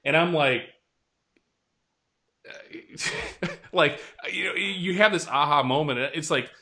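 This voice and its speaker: A man hosting a casual interview chat, energetic and quick, often checking in with "right?". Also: fairly high pitch, vocal fry. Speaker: host.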